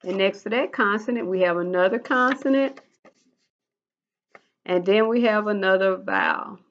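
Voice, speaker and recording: A woman teaching a recorded phonics lesson to first graders, slow and patient, repeating each rule in a drill. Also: mid-range voice, sing-song, a bit bright, dull audio.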